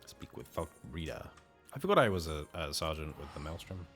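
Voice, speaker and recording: A man's voice: rumbling low, big pitch swings, brisk, fairly bright tone, faint music behind. A man casually commenting while he plays a game, chatty and self-interrupting. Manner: chatty, self-interrupting, playful about accents. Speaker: game streamer.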